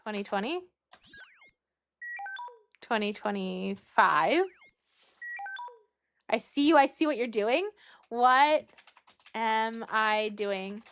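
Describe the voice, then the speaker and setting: A woman's voice: a little high, lively intonation, slow pace, long pauses, background noise. A woman streaming a game, chatting casually in a playful, giggly way and meowing often. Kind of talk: casual gameplay commentary.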